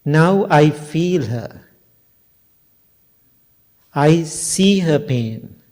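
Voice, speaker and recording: An older monk gives an earnest dharma talk in a mellow, fairly high voice. He speaks slowly and simply, with broken grammar, and keeps asking the listeners questions. His tone is warm and easy. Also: expressive. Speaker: Buddhist monk and teacher. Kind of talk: dharma talk to a temple audience.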